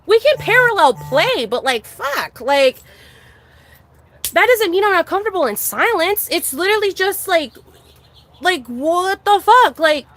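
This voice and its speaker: Bright-voiced woman venting and swearing. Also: extremely high pitch, very animated, normal speed. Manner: exasperated, swears constantly, rambling with many restarts. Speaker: streamer. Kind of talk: casual venting monologue.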